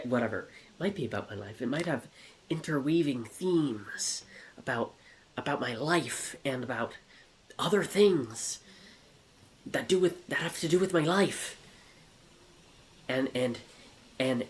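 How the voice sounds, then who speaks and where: A man's voice: mid-range voice, expressive, normal speed, a little hiss or hum. A man telling a rambling, comedic story in a scatterbrained way, with giggles and many restarts.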